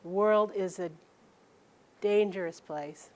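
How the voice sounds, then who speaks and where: A woman telling a personal story aloud, halting and restarting sentences and acting out the people she quotes. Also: mid-range voice, a little mellow.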